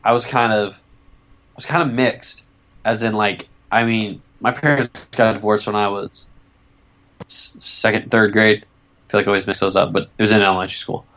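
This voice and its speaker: Low-voiced young man, rambling, swearing. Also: fairly even intonation, moderate pace, a bit bright, muffled recording. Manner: rambling, swears freely, storytelling. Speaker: podcast co-host. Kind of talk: casual chat.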